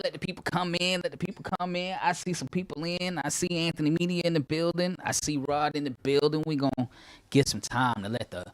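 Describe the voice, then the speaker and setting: A pastor chatting casually as he opens a livestream, his audio glitched into a pitched-up chipmunk sound. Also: clear, resonant tone, no room sound. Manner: loose, chatty, greets viewers by name.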